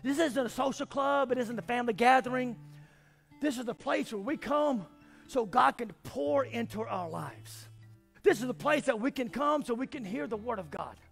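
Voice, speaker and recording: A man preaching a sermon as pastor, swinging from shouts to quiet talk. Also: extremely high pitch, lively intonation, normal speed, gravelly, faint music behind. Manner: preaching, often shouting and then dropping quiet. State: out of breath.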